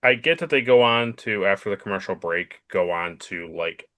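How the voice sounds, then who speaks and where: A man co-hosting a casual podcast chat, retelling scenes quickly and with animation. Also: deep voice, animated, pushed and bright, dry recording, studio quality. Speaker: podcast co-host.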